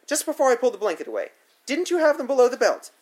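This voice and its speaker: A man's voice: extremely high pitch, steady tone, fast, pitched above the performer's own voice. Man putting on an angry accusing babysitter woman. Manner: hot, demanding interrogation.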